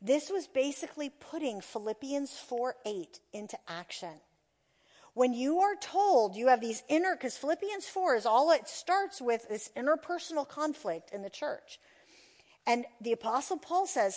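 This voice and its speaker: Woman talking to a crowd, slightly high voice, animated storyteller. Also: unhurried. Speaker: speaker. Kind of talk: talk to an audience.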